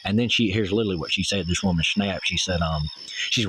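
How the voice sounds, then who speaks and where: A man talks fast and low on a phone call. He rambles through his grievances and swears heavily. There is faint outdoor night noise around him. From Tennessee. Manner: rambling, aggrieved, swears heavily when angry. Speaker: caller.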